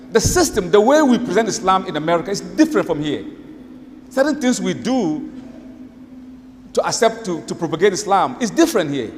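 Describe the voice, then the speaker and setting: A male Islamic lecturer giving a religious lecture, telling stories in an emphatic, animated way and repeating words for emphasis. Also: sits high. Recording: reverberant hall, faint noise.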